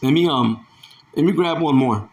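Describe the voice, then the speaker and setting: A man giving informal scripture teaching. He reads verses aloud slowly and often repeats words, breaking in with "man" and "see". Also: a little high, darkish tone. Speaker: Bible teacher.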